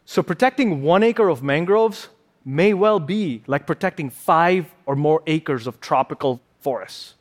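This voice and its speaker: A man's voice: on the high side, animated, a little slow. Playful man giving a stage talk. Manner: playful, punning. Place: large auditorium stage.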